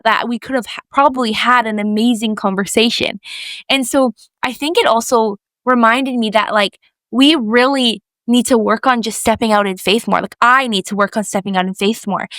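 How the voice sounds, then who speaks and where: A young woman with a fairly high voice chats casually on a faith podcast. She tells a story with lively, animated delivery, acting out each person's lines and saying "like" a lot. The sound is dry and close. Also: no room sound. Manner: animated storyteller, acts out quoted voices, lots of "like". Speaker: podcast co-host.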